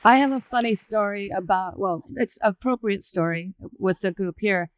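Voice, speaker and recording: A woman on a panel telling an anecdote in a relaxed, measured way. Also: mid-range voice, no echo.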